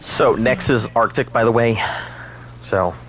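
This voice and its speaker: A man's voice: mid-range voice, unhurried, a bit bright, a little hiss or hum. A man streaming a game, chatting casually and rambling, laughing often. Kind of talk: casual gaming chat.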